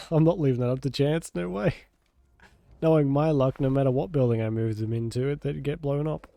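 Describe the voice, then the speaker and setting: A man's voice: mid-range voice, a little fast, gravelly, warm tone, dry recording. A man streaming a video game, talking casually with a nasal, congested voice from a cold, joking and swearing. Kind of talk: casual gameplay commentary.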